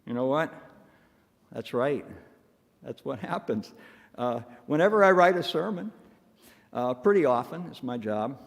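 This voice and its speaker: A man's voice: medium pitch, expressive, measured pace, creaky, long pauses. Wry, self-mocking male minister in a hall. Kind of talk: sermon. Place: church sanctuary. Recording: long hall reverb.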